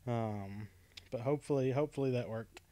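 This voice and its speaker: A man's voice: medium pitch, fairly quick, dark tone, dry recording. A man hosting a casual livestream chat, talkative and laughing often, with plenty of ums. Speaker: podcast host. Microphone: webcam stream setup.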